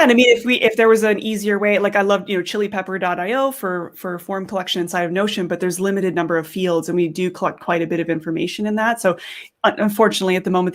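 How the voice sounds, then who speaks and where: A Canadian woman speaking as a guest in a casual video call chat, upbeat and quick to laugh. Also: fairly low pitch. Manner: upbeat, laughs often, restarts phrases.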